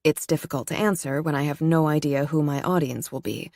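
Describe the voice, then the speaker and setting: Female audiobook narrator, low register, dry close sound, steady first-person delivery. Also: a little fast, dry recording.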